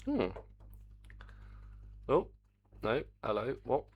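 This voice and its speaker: Game developer type, middle-aged man, gravelly voice with a lively swing, grumbles half to himself in casual stream chatter. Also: mid-range voice, drawn-out words, lo-fi sound. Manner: muttering, grumbling asides to himself. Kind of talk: casual live-stream commentary.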